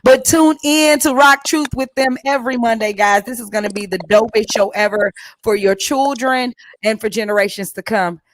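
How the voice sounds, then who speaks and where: A woman's voice: a little high, fairly even intonation, moderate pace, hardly any pauses, a little hiss or hum. A woman hosting a casual church youth show, chatting playfully with a lot of laughter and preachy asides. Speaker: host.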